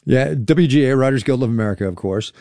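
A man hosting a radio interview, speaking in a measured way with small restarts. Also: medium pitch, warm tone, no echo. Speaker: radio show host. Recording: dry studio sound.

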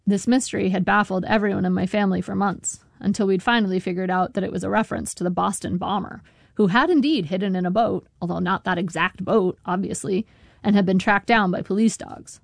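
A woman's voice: mid-range voice, fairly even intonation, brisk, creaky, dry recording. A woman narrating her memoir as a scripted audiobook, with a dry, wry storytelling manner. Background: faint guitar music.

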